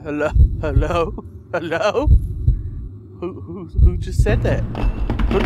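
A man's voice: fairly high pitch, a little slow, pauses often, very noisy. A man hosting a gaming video, giving panicky, melodramatic horror game commentary full of screams. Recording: loud background music.

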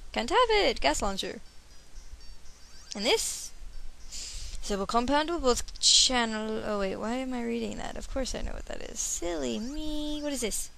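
A woman's voice: on the high side, creaky, sharp tone. A young woman giving casual, bubbly let's-play commentary from home, giggling and chatting to her cat. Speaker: let's player.

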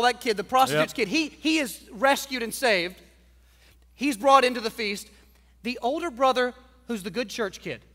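A man's voice: very high voice, bright, forceful tone, big-room sound. A man preaching a sermon in a conversational, emphatic storytelling manner. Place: church.

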